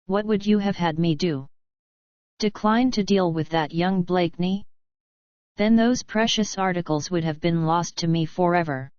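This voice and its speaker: A woman's voice: lowish voice, moderate pace, a little mellow, smooth, no room sound, lightly acted. A woman reading an audiobook, voicing a smug, scheming foreign general with a complacent, mocking manner. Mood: wheedling. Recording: dry, dull lo-fi recording.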